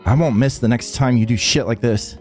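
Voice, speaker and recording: A man's voice: medium pitch, fairly quick, a little mellow, faint music behind, natural voice. A man voicing a hot-tempered young gunslinger girl who talks in a brash, snappy, cursing way. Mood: angry.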